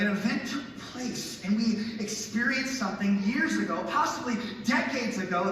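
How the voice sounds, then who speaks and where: Brief: man, pastor with a high voice, preaching in a lively storytelling way, heard from afar in a big reverberant hall. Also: slight background noise. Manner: lively storytelling with self-mocking asides. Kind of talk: sermon. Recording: echoey hall, voice from a distant mic.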